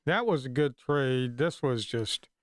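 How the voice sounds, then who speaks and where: A man at his trading desk thinks out loud on a live stream, grumbling and cursing over losing trades. His voice is smooth and clear and sits in an ordinary middle pitch. The recording is dry and close, with no room sound. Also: lively intonation, unhurried, no echo. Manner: frustrated, swearing, muttering to himself. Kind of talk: casual live-stream talk.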